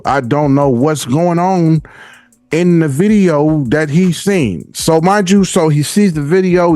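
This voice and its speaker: A man hosting a podcast, talking casually in slangy, profane language and reacting with animated bursts. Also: on the high side, no echo. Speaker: podcast host. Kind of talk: casual commentary.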